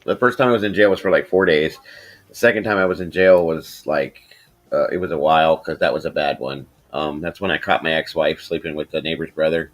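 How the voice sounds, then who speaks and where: A middle-aged man hosting a casual podcast, telling a rambling, profane story and getting animated when he quotes people. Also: extremely low pitch, brisk. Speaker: podcast host.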